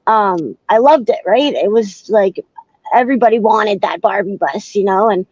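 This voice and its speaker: A woman in her thirties from Canada talks haltingly, full of restarts and ums, often checking in with "right?". The audio is dull and lo-fi, and the room sounds dry and close. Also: mid-range voice, animated, a little mellow, dry recording. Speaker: podcast guest. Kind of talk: candid conversation.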